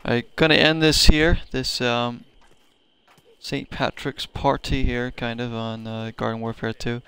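A man's voice: medium pitch, little pitch movement, a little slow, a bit bright, smooth, no echo. A man chatting casually as he streams a video game, laid-back and rambling with fillers. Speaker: gaming streamer.

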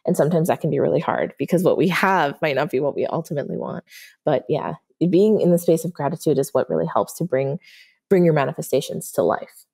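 In a podcast guest interview, a woman who works as a manifestation coach tells lively stories, punctuating them with frequent "right?" check-ins. Her deep voice moves quickly, with vocal fry and a slightly rough texture.

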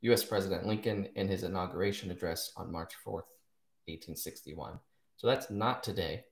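A man with a low-pitched voice hosts a live poetry stream in a loose, casual way. He rambles, corrects himself and drops wry asides. The sound carries a noticeable room echo. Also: normal speed, creaky. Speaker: host of a live poetry show. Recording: echoey room.

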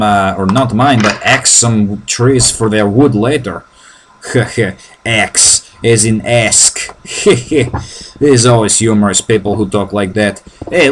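A man's voice: medium pitch, slight background noise. A man with a Russian accent giving casual video game commentary, joking as he goes, with broken, hesitant phrasing. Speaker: gameplay commentator.

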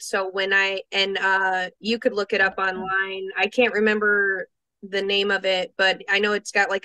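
A woman's voice: mid-range voice, dry recording. A woman guest in a casual interview, telling a personal story and acting out her own thoughts. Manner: animated storytelling, quoting herself, laughing, restarts.

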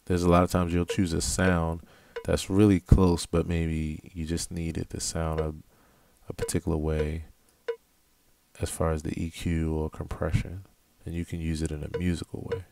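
A man, a music producer, talking through a mixing tutorial in a relaxed, explanatory way, thinking aloud as he works. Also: low-pitched, moderate pace, creaky, slight background noise. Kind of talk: casual screen-recorded tutorial. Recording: music tracks playing behind. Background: music playback.

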